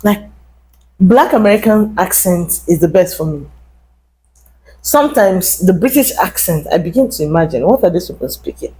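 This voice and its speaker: A woman's voice: fairly low pitch, moderate pace, poor audio. A young adult woman vlogger giving emphatic, casual commentary straight to her viewers. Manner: animated, emphatic, addresses viewers directly.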